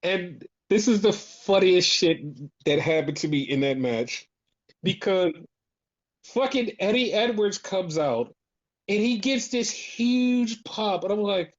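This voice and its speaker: Brief: foul-mouthed co-host, animated rants, middle pitch, dull lo-fi mic. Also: slow pace. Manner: profane, animated ranting. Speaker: podcast co-host. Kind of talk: casual chat.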